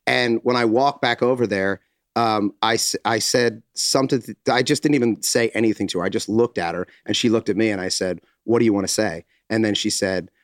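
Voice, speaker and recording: A man's voice: fairly low pitch, a little fast, dry recording, studio quality. A middle-aged man, a podcast co-host, telling a story in casual chat, acting out quotes and swearing freely.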